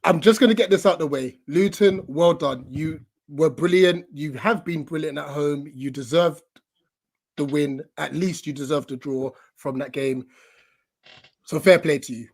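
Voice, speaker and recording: A man's voice: fairly high pitch, moderate pace. A young man on a home video call, ranting about his football club in an exasperated, emphatic way. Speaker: guest fan pundit. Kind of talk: live football fan panel chat.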